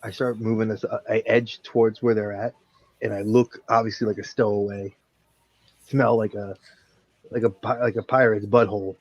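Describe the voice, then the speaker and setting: A man's voice: on the low side, little pitch movement, normal speed, no room sound. A man playing a tabletop role-playing game, talking casually and joking around. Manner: joking, playful. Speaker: player. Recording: dull lo-fi sound.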